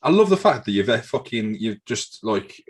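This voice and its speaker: A man with a low, somewhat husky voice runs a quiz on a casual podcast. He swears and banters freely and trips over his own words. His delivery is loose and chatty. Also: sing-song, moderate pace. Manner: swearing, banter-heavy, repeats himself. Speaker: podcast co-host, quizmaster. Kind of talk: casual chat.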